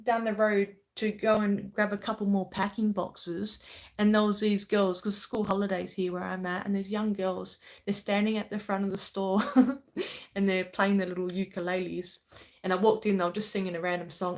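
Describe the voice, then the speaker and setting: A woman hosting a spiritual channel, speaking earnestly and passionately to her viewers, often checking in with "okay?". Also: mid-range voice. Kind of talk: emotional spiritual talk to viewers.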